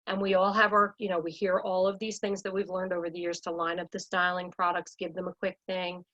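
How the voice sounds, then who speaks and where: A woman's voice: lowish voice, level tone, brisk, a bit bright. A woman speaking as a salon business coach in a panel talk, talking with emphatic energy and acting out scripts for clients. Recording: dull lo-fi audio.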